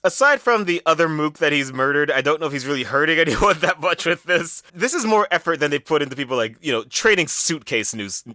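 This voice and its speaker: A wry man tossing off dry jokes on a comedy podcast. His voice is slightly high and bright. The mic is close and dry. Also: lively intonation, fairly quick, hardly any pauses, dry recording. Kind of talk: casual comedic riffing.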